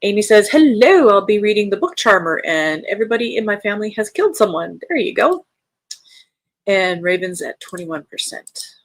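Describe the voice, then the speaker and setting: An American woman hosting a reading-sprint stream talks a little fast in a mid-range voice with lively intonation. She's chatty and friendly, reading out viewer comments with bright lifts, and there's no room sound.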